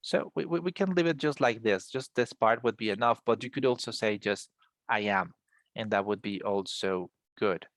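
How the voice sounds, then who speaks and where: A man's voice: fairly low pitch, normal speed, no room sound. A man teaching an English class over a video call, encouraging his students and often repeating words as he explains.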